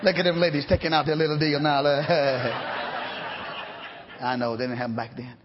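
High-voiced man preaching fervently. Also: fairly even intonation, normal speed, noisy background. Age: middle-aged. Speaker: pastor. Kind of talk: revival sermon. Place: church sanctuary. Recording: dull lo-fi church recording.

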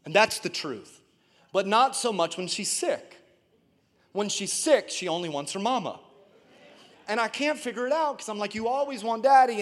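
A male pastor delivering a sermon, moving from a tender personal story to a passionate call to the congregation. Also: sits high. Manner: preaching with rising intensity, calling out to the congregation. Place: church.

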